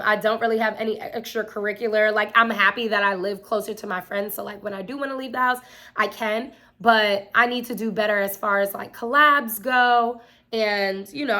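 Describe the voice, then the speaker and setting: A woman's voice: mid-range voice, sharp tone. A young woman vlogging casually at home, chatting to viewers with lots of fillers and asides. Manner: chatty, addresses viewers as y'all, frequent fillers. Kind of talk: casual chat to camera. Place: home room.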